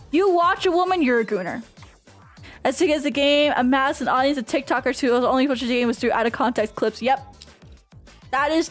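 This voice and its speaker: A woman streamer in casual Q&A chat, ranting passionately and swearing freely. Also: sits high. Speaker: VTuber streamer.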